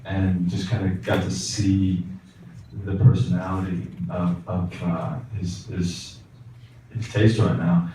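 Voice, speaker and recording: A man with a lowish, mellow voice answers haltingly, stumbling over repeated words. He sounds distant in a very echoey hall with faint noise. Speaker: panel guest. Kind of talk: casual answer on a panel.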